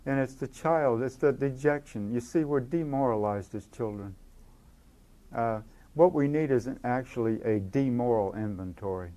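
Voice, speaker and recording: A man's voice: medium pitch, moderate pace, dark tone. A man speaking at a recovery conference, talking earnestly to an audience, repeating words as he goes and acting out inner voices.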